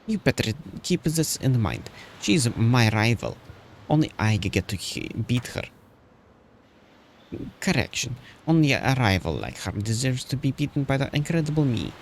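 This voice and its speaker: A man's voice: medium pitch, very animated, moderate pace, slight background noise, pitched above the performer's own voice. A man voicing a haughty, boastful young female student rival, reading game dialogue aloud with a proud, bossy delivery.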